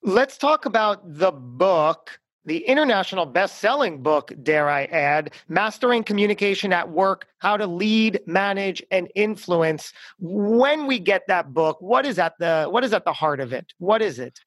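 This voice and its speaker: A man's voice: high voice, animated, unhurried, hardly any pauses, a bit bright, no room sound. A man hosting a podcast, asking his guest strings of questions and adding short encouraging replies. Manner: brief encouraging interjections, stacked questions. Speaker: podcast host. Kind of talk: interviewing.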